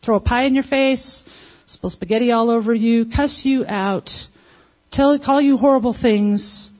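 A woman's voice: a little high, a little slow, highs cut off. A woman preaching a sermon in a conversational way, putting questions to the congregation and acting out little quotes. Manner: conversational, asks the audience questions, acts out quotes.

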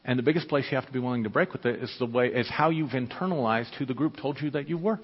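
A pastor preaching a sermon, emphatic and conversational, often asking the listeners questions. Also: male voice, mid-range voice, fast, husky. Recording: echoey hall, dull lo-fi sound.

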